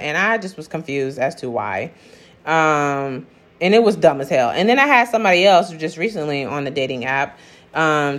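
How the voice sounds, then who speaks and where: A young woman telling a dating-app story to her viewers in a blunt, sassy, profane way, reading out the text messages as she goes. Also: fairly low pitch. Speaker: vlogger. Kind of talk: casual storytelling rant.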